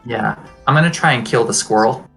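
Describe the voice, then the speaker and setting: A man's voice: medium pitch, a little fast, creaky, a bit bright, faint music behind. A man playing a tabletop game, speaking hesitantly and politely. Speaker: player. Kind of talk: casual game chat.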